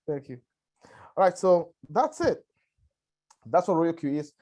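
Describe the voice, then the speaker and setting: A man's voice: on the high side, sing-song, a little slow, dark tone. Coughing man presenting on a call. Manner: conversational, repetitive, checks in with "all right" and "right". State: has a lingering cough. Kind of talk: webinar presentation.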